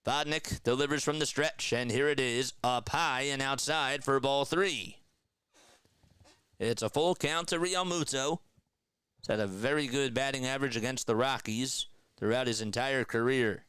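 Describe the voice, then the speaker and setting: A man doing live baseball play-by-play for a stream, trading energetic banter with viewers between pitches. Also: moderate pace, clean tone, no room sound.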